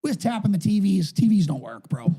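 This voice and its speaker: In relaxed chat, this thirtysomething New Englander, a youth football coach and podcast co-host, rambles through foul-mouthed stories in a voice that sounds higher than you'd expect from his frame. His delivery is sing-song and a little fast, warm and husky.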